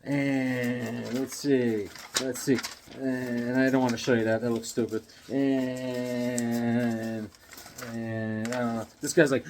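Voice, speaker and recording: A man's voice: mid-range voice, steady tone, a little slow, slight background noise. A man in his fifties chatting casually to camera about comics he collects and pictures he drew, rambling and joking as he goes. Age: 50s. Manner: rambling, jokey, drops into silly voices. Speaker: comic collector and hobby artist.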